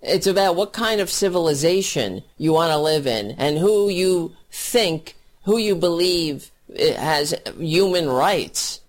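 Woman commentator, slow and lowish, ranting with profane sarcasm. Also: expressive. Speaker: political commentator.

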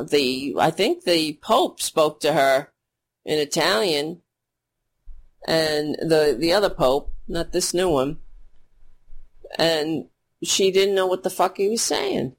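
A woman hosting a political commentary show, ranting in a sarcastic, profane and rambling way. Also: fairly low pitch.

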